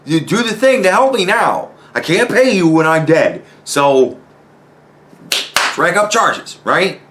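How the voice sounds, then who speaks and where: A male host delivers a heated personal rant. His voice sits a little high and leaps around, full of exasperation and profanity. He keeps jabbing at the listener with rhetorical questions. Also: very animated, takes it slowly, a bit bright, slight background noise. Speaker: commentary host. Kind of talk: ranting personal commentary.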